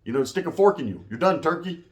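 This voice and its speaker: A man's voice: a little high, animated, fast talker, dull audio. A man, giving rambling, profane commentary in street slang with Spanish words mixed in. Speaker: commentary vlogger.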